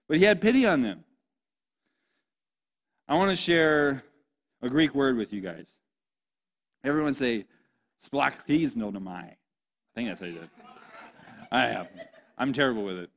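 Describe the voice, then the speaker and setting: A young male pastor gives a sermon in a relaxed, joking style. He keeps asking the congregation questions and plays out little scenes in a chatty voice. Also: mid-range voice, unhurried, long pauses. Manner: playful, joking, asks the audience questions.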